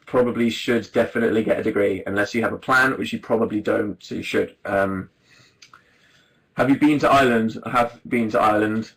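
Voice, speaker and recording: A man's voice: on the low side, brisk, a bit bright, rough recording. Rambling young man chatting on livestream. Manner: rambling, self-deprecating, laughs often. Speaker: livestream host. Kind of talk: casual chat to viewers.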